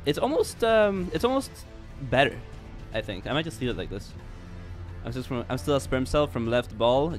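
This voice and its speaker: Goofy rambling game streamer. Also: male voice, medium pitch, big pitch swings, a little fast. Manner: goofy, rambling, self-mocking, stammering restarts. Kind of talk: casual game livestream chat. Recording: jazz music faintly behind.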